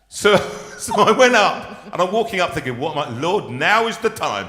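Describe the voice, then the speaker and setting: A man's voice: high-pitched, big pitch swings, moderate pace, pushed and bright, a little hiss or hum. A man hosting a live show, telling funny stories in a chatty, self-mocking way and laughing as he goes. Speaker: host. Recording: echoey room with long reverb.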